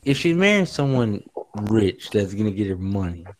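A man's voice: lowish voice, very animated, moderate pace, noisy background. A man chatting casually as co-host, loose and slangy with many fillers. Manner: loose, slangy, filler-heavy, laughs easily. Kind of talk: casual chat.

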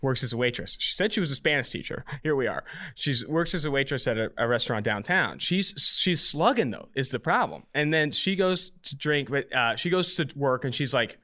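A young man hosting a podcast, telling a dating story casually in an animated way with lots of quoted dialogue. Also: mid-range voice, a little fast. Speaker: podcast host.

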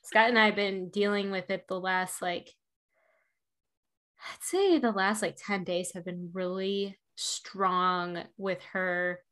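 Woman host, mid-pitched, frank and animated, casual swearing, parenting chat. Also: takes it slowly.

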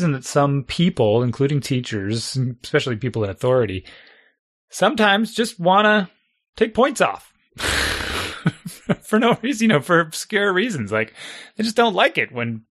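A man's voice: medium pitch, fairly bright tone. A middle-aged man chatting casually as a podcast co-host, reflective, thinking aloud and laughing often. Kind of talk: casual chat.

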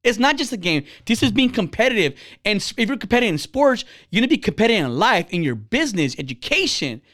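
A man in his thirties talks bluntly and swears freely, his fairly high voice swinging up and down as he acts out the people in his stories. The recording is close and dry, with no room sound. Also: fast, no room sound. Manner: blunt, profane, animated storytelling; acts out quoted people with big pitch jumps. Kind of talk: casual chat.

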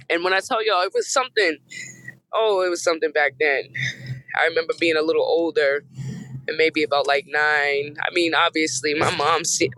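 A woman in her thirties from Boston, hoarse from a cold, hosting a podcast and telling a casual story with slangy, profane, emphatic repetition. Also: sits low, pushed and bright, low-quality recording. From Boston, USA. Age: 30s. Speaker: podcast host.

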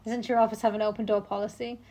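A woman's voice: medium pitch, level tone, very fast, warm tone. A woman co-hosting a casual book chat, making blunt, wry remarks. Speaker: podcast co-host.

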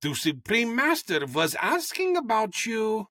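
Animated, bright-voiced comic podcaster, a man. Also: sits high, dry recording, studio quality. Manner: animated, quick, swears freely. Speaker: podcast co-host. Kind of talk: comedic storytelling chat.

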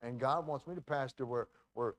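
A man pastor telling a story in a sermon, animated and full of restarts and acted-out quotes. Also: medium pitch, moderate pace, dry recording.

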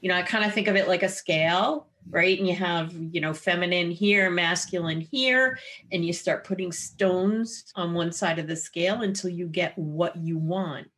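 A woman voice therapist explaining her methods in an interview, with an animated, wide-ranging inflection. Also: fairly low pitch, moderate pace. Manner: explanatory and clinical.

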